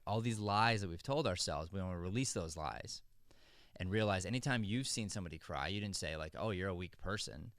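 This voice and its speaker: A man's voice: low-pitched, a bit bright, dry recording, clean studio sound. A middle-aged man hosting an acting podcast, talking in an earnest, rambling way with frequent restarts. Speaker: acting coach and podcast host. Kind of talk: casual podcast chat.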